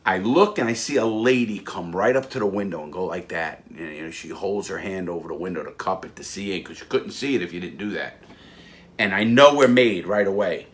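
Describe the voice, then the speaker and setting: A man telling blunt, profane stories from his own past in a casual, animated way. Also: low voice, a little fast. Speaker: storyteller recounting his past. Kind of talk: casual spoken anecdote. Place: Florida.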